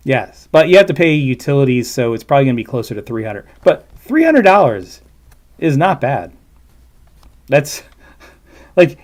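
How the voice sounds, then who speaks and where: A man's voice: mid-range voice, darkish tone. A man hosting a casual livestream, commenting on a video in a rambling, chatty way full of asides. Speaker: livestream host reacting to a video.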